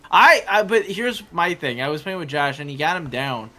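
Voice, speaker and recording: A man's voice: on the high side, animated, normal speed, pushed and bright, a little hiss or hum. A man chatting casually with friends while gaming, telling a rambling story with laughs and restarts. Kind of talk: casual chat while playing.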